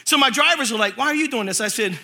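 High bright-voiced man preaching a comic story. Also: quick pace, slight background noise. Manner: animated, acts out voices, laughs through story.

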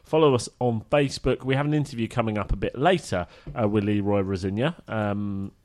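A man's voice: on the low side, fairly even intonation, fairly quick, darkish tone. A man hosting a podcast in casual chat, easygoing as he reads out plugs and listener emails. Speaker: podcast host.

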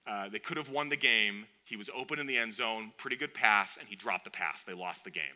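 A man preaching a sermon in a conversational, animated way, with playful asides. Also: fairly low pitch, a little fast. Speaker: pastor.

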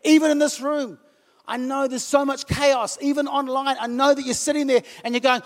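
A man from New Zealand preaches in a conversational sermon style and slips into emotional outbursts. His voice sits very high. It rings with a long reverb from a church hall. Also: fairly even intonation, moderate pace. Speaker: pastor. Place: church hall with about a hundred people.

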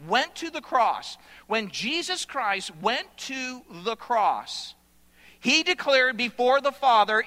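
Man as preacher, high, bright ringing voice, emphatic repeats, long hall reverb. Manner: emphatic preaching with repeated phrases, slowing for scripture. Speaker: pastor. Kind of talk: sermon.

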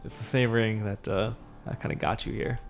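A man running a tabletop game as game master, narrating in a halting way with many fillers. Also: fairly low pitch, steady tone, creaky, faint music behind.

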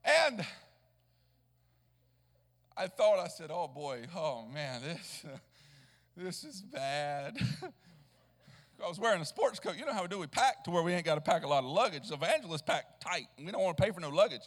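A man's voice: high voice, animated, a little fast, pauses often, slightly rough, long reverb tail. A man, a traveling evangelist preaching a sermon in a church, telling a story with restarts and rising into a chanted preaching cadence. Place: church sanctuary.

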